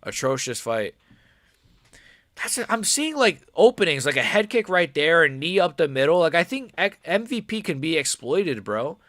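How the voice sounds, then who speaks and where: A man's voice: fairly high pitch, very animated, normal speed, few pauses, a bit bright, no room sound, studio quality. Young man ranting on a livestream. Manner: frustrated, profane, rambling with many fillers. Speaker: livestreamer watching a fight. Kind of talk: casual live-stream reaction commentary.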